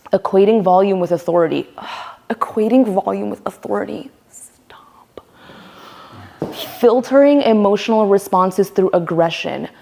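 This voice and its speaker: A woman with a slightly low voice leads a voice workshop. She speaks with emphasis, acting out the voices she talks about to make her points. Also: vocal fry, darkish tone. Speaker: workshop leader. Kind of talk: teaching a voice workshop.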